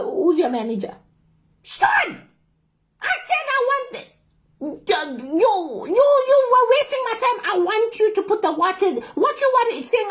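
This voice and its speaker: A woman playing a dramatic middle-aged auntie with a Durban South African accent, phoning in a complaint with theatrical, indignant wailing. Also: very high voice. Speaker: comedy caller character. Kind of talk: comedy phone call sketch.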